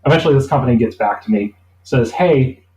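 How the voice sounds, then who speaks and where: A man telling a long anecdote in a relaxed interview, rambling and acting out the people he quotes. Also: mid-range voice, fairly quick. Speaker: interview guest. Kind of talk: casual storytelling. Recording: roomy echo.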